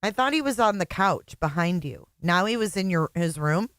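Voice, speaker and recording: A woman's voice: lowish voice, lively intonation, normal speed, no echo, clean studio sound. A woman hosting a livestream, chatting casually, sarcastic and mocking, often laughing. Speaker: livestream host.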